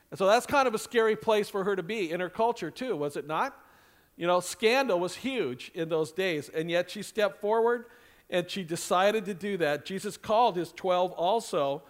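Pastor guy preaching, pretty high voice, chatty asides, acts out quotes. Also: a little fast. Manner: conversational preaching with lively asides and acted-out quotes. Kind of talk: sermon.

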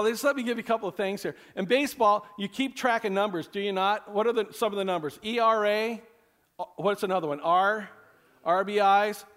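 Preaching to a congregation, this pastor speaks in a high voice with a fairly bright tone. His sermon is conversational and folksy, wandering into asides, cracking jokes, and returning again and again to "you know."

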